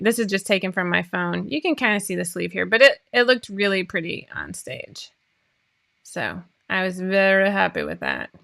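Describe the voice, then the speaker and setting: A woman's voice: mid-range voice, sharp tone. A woman in her forties hosting a casual chat for her viewers, talking in a chatty, rambling way with frequent laughs. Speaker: host of a sewing pattern show.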